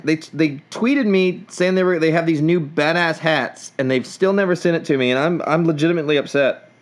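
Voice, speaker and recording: A man's voice: a little high, brisk. A man co-hosting a casual sports podcast, rambling and joking with many restarts. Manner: rambling, jokey, frequent restarts. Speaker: podcast co-host.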